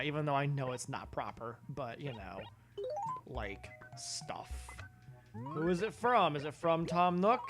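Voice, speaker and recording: A woman's voice: low voice, fairly bright tone. A woman streamer casually commenting on her game at a desk microphone, muttering asides and swearing now and then.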